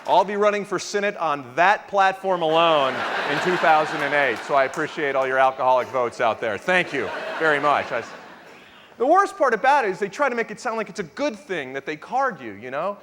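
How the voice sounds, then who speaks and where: A man's voice: fairly high pitch, very animated, fairly quick, background noise. A man in his thirties performing a stand-up routine on a club stage, with a wry, self-mocking, punchy delivery. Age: 30s. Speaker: stand-up comedian. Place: live comedy club stage. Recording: live club recording with roomy reverb and crowd. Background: audience laughter and applause.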